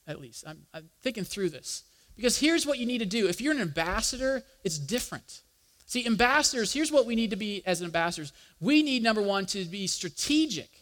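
A male pastor preaching a sermon in an animated way, asking the congregation to join in aloud. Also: sits high. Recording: long reverb of a large hall.

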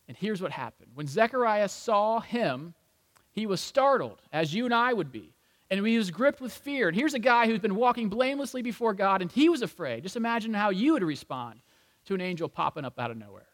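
A man's voice: high voice, sing-song, fairly quick, a bit bright. A male pastor preaching a sermon in a church with humorous, conversational storytelling. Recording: long reverb in a large hall.

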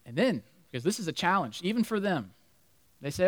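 A middle-aged male pastor preaching a sermon, animated, acting out voices and dropping to near-whispers for emphasis. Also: high voice, quick pace, no echo. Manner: animated, acts out voices of crowd and Jesus, drops to near-whisper.

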